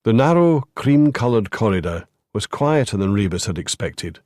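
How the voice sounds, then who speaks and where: A man reads a crime audiobook from a script, keeping his delivery measured and even. His voice is on the low side, captured in clean studio sound without echo.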